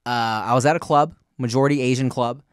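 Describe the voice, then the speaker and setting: A man's voice: medium pitch, steady tone, brisk, clean tone, dry recording, clean studio sound. A man co-hosting a podcast, laid-back and chatty, with slang and many fillers. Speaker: podcast co-host. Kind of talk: casual chat.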